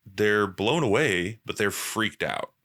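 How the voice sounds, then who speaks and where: Young dude podcast host, bright voice, kinda low, swears a lot. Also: male voice, expressive, takes it slowly. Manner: loose and profane, acts out quoted voices. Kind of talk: casual podcast chat.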